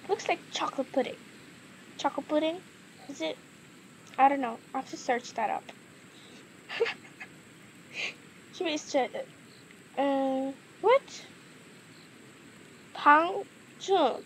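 A woman's voice: sits high, a little hiss or hum, poor audio. A woman chatting casually in a vlog, giggling often and easily amused. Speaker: gaming and eating vlogger.

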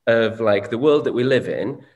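A man's voice: medium pitch, moderate pace, darkish tone. A man, co-hosting a candid conversation, reflective and swearing casually. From Northern England. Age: 40s. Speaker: co-host. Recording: echoey room with long reverb.

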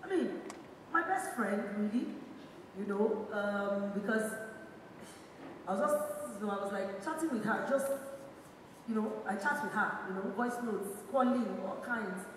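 A woman in her thirties with a Nigerian accent gives a halting, rambling tribute to her late sister at a memorial event, full of fillers and restarts. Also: mid-range voice, lively intonation, slight background noise. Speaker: bereaved sister giving a tribute. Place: large echoey event hall. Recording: echoey hall recorded from far off.

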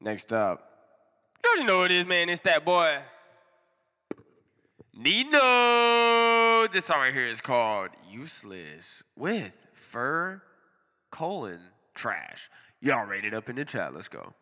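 A man's voice: mid-range voice, big pitch swings, moderate pace, bright, forceful tone, in a large hall. A young American man hosting a live music review stream, giving blunt, slangy, laid-back feedback. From United States. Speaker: music review show host. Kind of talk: casual live-stream commentary.

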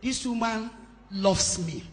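A woman pastor, telling a personal story in a sermon with emphatic, changing loudness. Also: on the high side, takes it slowly. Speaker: pastor hosting a women's conference. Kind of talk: sermon testimony. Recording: long hall reverb.

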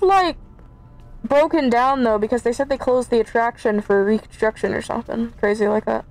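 A high-pitched woman, a gaming YouTuber, does let's play commentary while streaming a horror game. She chats to her viewers and gets scared easily. The recording is rough.

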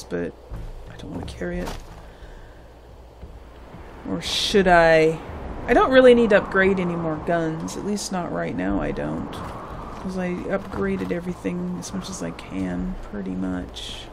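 A woman's voice: fairly low pitch, big pitch swings, unhurried, gravelly, background noise. A woman hosting a let's play, giving gameplay commentary and thinking aloud with muttered asides.

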